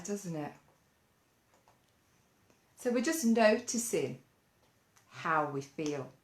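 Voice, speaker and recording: A woman leading a gentle mindfulness lesson for children, coaxing them along with lots of playful questions. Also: on the low side. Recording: roomy echo.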